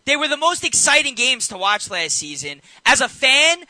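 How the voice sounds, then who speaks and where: A man talks basketball in a casual radio debate, emphatic and animated, and he drives each point home by repeating it. His voice sits high and sharp, with a very bright, forceful edge. The sound is dry and close, with no room around it. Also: moderate pace, no echo, poor audio. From New York. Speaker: co-host.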